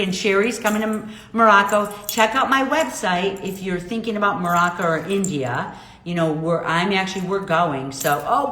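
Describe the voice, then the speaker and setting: A middle-aged woman, who is a jeweler, hosts a casual livestream and reads out viewer comments in a bubbly, chatty way. Her voice is mid-range and fairly bright, at a moderate pace. The room is echoey with faint noise.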